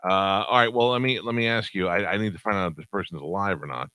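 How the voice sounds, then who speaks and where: A middle-aged man hosting a morning radio show, quick and joking in his banter. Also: sits low, clean tone, no echo, studio quality. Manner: quick, joking, lively delivery. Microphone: studio microphone.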